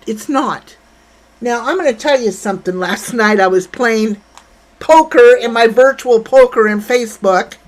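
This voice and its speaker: Her voice is a little high, and the recording is low quality. She's an older woman hosting a laid-back livestream, brash and blunt as she talks with viewers and reads out their comments.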